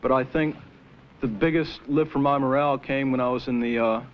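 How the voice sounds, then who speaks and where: A man's voice: medium pitch, steady tone. Hesitant young man, lo-fi archive tape. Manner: halting, hesitant, many 'uh's. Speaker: war veteran. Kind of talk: testimony at a panel. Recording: dull old archive recording with faint noise.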